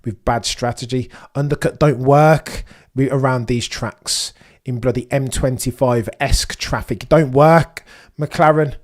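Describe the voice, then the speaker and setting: A young man hosting a live race watchalong, chatting excitedly to his viewers and firing off rhetorical questions. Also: mid-range voice, unhurried. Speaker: livestream watchalong host.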